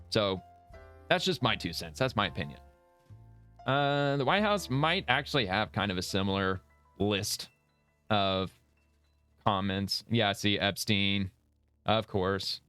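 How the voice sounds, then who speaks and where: A man's voice: fairly low pitch, fairly bright tone, clean tone. A man hosting casual political reaction commentary, blunt and profane, rambling and laughing as he talks. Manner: rambling with many restarts.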